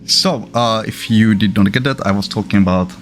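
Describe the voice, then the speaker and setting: A man from the Czech Republic hosting a casual livestream, chatty and halting, often stopping to correct himself. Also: fairly low pitch, faint music behind. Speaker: livestream host.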